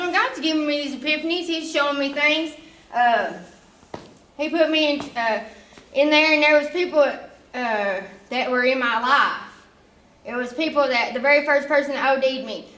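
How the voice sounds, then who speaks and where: A woman's voice: sits high, a bit bright, roomy sound, distant mic, poor audio. A woman giving an emotional, conversational church testimony, often checking in with her listeners. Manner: emotional, conversational, often asks "you know?". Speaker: testimony speaker.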